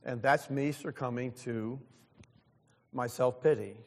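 A man's voice: medium pitch, measured pace, darkish tone, in a large hall. A pastor in his sixties preaching a sermon, earnest and openly self-deprecating. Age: 60s.

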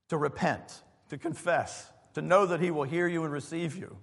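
A man's voice: a little high, fairly even intonation, moderate pace, vocal fry, few pauses, husky. Guy pastor giving a chatty sermon w/ lots of ums, church hall echo. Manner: conversational preaching with fillers and asides to the congregation. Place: church sanctuary. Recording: long hall reverb.

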